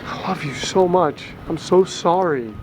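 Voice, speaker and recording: In a short comedy film, the lead actor plays a dumped young man who rambles and pleads with his ex through a video message recorded outdoors near traffic. His voice is high-pitched and his pace measured, and street noise from passing vehicles runs underneath.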